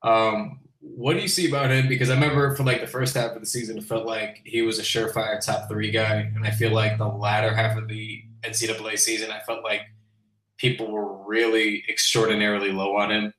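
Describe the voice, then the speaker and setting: Young man, lowish voice, questioning, hesitant, roomy echo. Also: flat delivery, brisk, a bit bright. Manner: hesitant, asks questions, restarts. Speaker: podcast co-host. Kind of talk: casual live sports podcast chat. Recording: echoey room.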